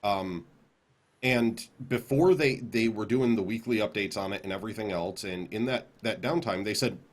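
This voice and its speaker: Husky, low-voiced man on a podcast. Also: moderate pace. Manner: rambling, repeats words while building a point. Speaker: podcast co-host. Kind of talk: casual podcast discussion.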